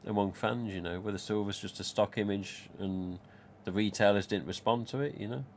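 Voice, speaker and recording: A man who hosts live streams and collects masks chats loosely with his audience, rambling from point to point and reading viewer comments aloud. His voice sits a little low and moves fairly quickly. A faint hiss of room noise runs underneath.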